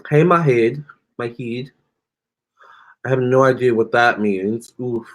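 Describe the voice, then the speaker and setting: He speaks at medium pitch, animated but a little slow, while doing a tarot reading on a live stream. The Virginia tarot reader handles viewer comments in a chatty, sassy style, with plenty of honey and girl.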